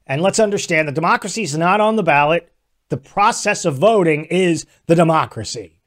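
A man's voice: fairly high pitch, lively intonation, brisk, fairly bright tone. A man hosting a political commentary show, delivering a sarcastic, mocking opinion monologue.

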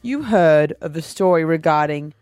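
A woman, co-hosting a radio show, telling stories with quick asides and frequent laughter. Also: low-pitched, expressive, a little mellow, clear, resonant tone, soft background music. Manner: giggly, storytelling, quick asides. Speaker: radio host. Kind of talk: casual on-air banter.

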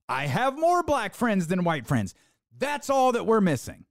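A podcast host giving an opinionated sports talk monologue, sarcastic, with mocking put-on quotes and dramatic pauses. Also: mid-range voice, huge pitch swings, dry recording, studio quality.

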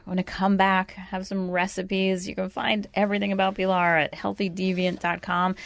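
A woman's voice: mid-range voice, moderate pace, creaky, hardly any pauses. A woman hosting a radio show, chatting wryly and giving easy recipe tips. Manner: chatty, wry, animated.

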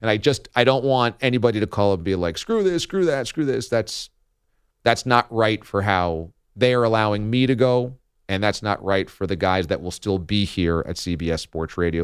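A man hosts a sports talk radio show from the studio. His speech is chatty and he laughs often. His voice is smooth and clear, recorded dry. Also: on the low side, no echo.

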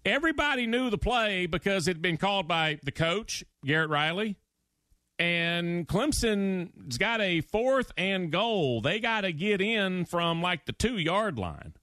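A man's voice: sits high, a little slow, no room sound, studio quality. A man hosting a sports radio show, telling stories with emphasis and acting out quotes. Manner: animated storytelling, acts out quotes, emphatic. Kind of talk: opinionated sports talk monologue.

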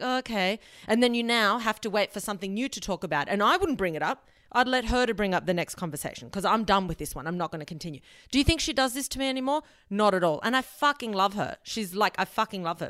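A woman's voice: fairly high pitch, a bit bright, no echo, clean studio sound. A young woman hosting a solo advice podcast, talking bluntly and emphatically and swearing casually. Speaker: podcast host.

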